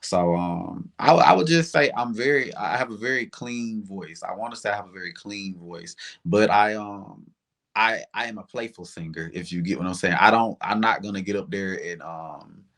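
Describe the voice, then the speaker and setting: Chatty Southern man, low voice. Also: moderate pace, creaky. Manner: animated, chatty, drawling with many "like" fillers. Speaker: singer guest. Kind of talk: casual interview chat.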